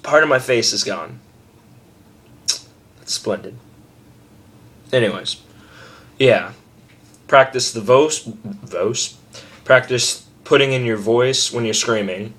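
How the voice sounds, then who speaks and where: A young man giving a casual, rambling tutorial on screaming, self-deprecating and loose, with sudden loud scream demos. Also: mid-range voice, a little slow.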